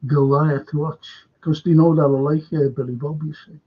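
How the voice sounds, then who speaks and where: A man's voice: on the high side, fairly even intonation, moderate pace, husky, dull audio. A man hosting a live stream, chatting in a meandering way and often dropping his voice to a near-whisper. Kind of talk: rambling casual chat. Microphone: webcam or desk mic on a live stream.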